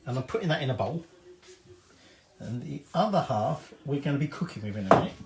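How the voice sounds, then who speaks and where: A man's voice: mid-range voice, animated, fairly quick, gravelly, reverberant. A man giving a casual cooking demonstration in his home kitchen, chatty and rambling, with cheeky swearing. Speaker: home cook.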